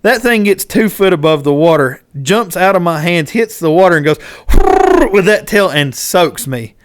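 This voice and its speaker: A man, hosting a podcast and telling a fishing story in casual chat, animated and acting out what people shouted. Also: high-pitched, normal speed, heavy background noise. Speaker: podcast host.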